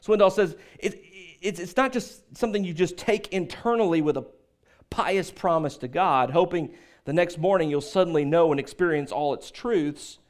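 A male pastor delivering a sermon in a church. His voice sits a little on the high side, and he talks conversationally, breaking off for asides and acted-out quotes. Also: normal speed. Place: church sanctuary.

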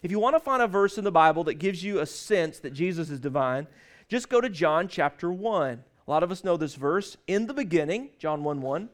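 High-voiced emphatic man preaching. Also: lively intonation. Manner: emphatic, slows down to stress scripture, asks the congregation to repeat. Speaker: pastor. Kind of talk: sermon.

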